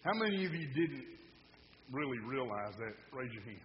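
A male pastor leading prayer and preaching a sermon, telling a joke and swinging from quiet asides to loud, animated lines. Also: mid-range voice, normal speed, slight background noise. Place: church sanctuary. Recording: muffled sound in a reverberant hall.

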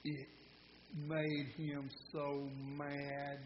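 A male pastor leading prayer and preaching a sermon, telling a joke and swinging from quiet asides to loud, animated lines. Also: on the high side, extremely slow, noisy background. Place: church sanctuary. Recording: muffled sound in a reverberant hall.

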